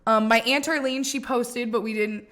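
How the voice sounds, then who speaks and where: A woman's voice: on the high side, fairly even intonation, normal speed, a bit bright. A young woman co-hosting a podcast, telling rambling stories in casual chat, swearing and laughing often. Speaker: podcast co-host.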